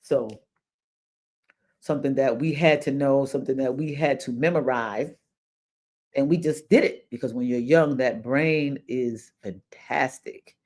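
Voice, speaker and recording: Her bass voice, darkish and a little slow, carries a thick New York accent as the older woman talks through her podcast. It's an offhand, unscripted monologue marked by repetition and exclamations.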